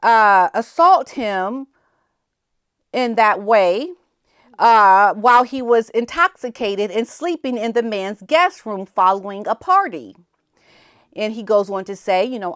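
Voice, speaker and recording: A woman hosting a casual commentary show, animated, often laughing and acting out the people she quotes. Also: medium pitch, slow, clean tone, dry recording, clean studio sound. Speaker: commentary channel host.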